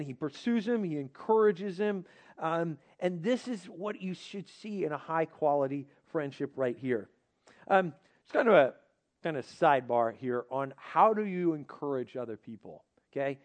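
Young guy youth pastor, high voice, chatty and animated, asks the group stuff mid-sermon. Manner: lively, conversational, asks the audience questions.

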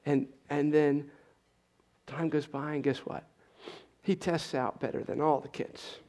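A middle-aged male preacher with a somewhat high voice. He tells stories in a conversational way. He often clears his throat and restarts his sentences. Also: steady tone, unhurried, mellow. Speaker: pastor. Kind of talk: conversational storytelling sermon.

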